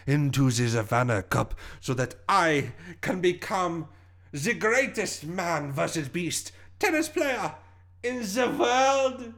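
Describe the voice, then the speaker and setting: A man's voice: mid-range voice, measured pace, lightly acted. Pompous French villain voiced by a man in a tabletop game, with a fake French accent, grand monologues, and a mid-range voice. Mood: gloating.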